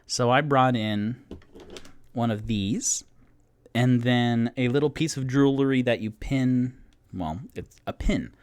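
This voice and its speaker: A man's voice: mid-range voice, slow pace, clean tone, no echo, clean studio sound. A young man from North Carolina with a light Southern accent, chatting casually and rambling as a podcast host. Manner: rambling, self-interrupting, jokey. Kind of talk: casual tipsy chat to an audience.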